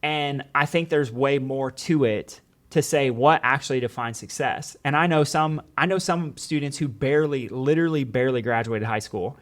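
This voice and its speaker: An earnest man talking casually on a podcast, a former teacher with a mid-pitched voice. He tells stories through lots of quoted dialogue and scattered "like"s. He keeps an easy, conversational flow. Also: moderate pace, hardly any pauses, fairly bright tone.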